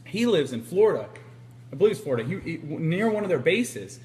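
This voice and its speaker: A man with a voice on the high side speaks briskly while interviewing a guest on a casual live stream filmed with a handheld camera. He tells stories with animation, acting out what people said.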